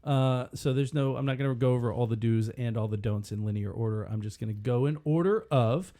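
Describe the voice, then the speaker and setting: A man's voice: medium pitch, brisk, warm tone. A man co-hosting a podcast, trading crude jokes in casual chat. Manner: crude, joking banter. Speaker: podcast co-host.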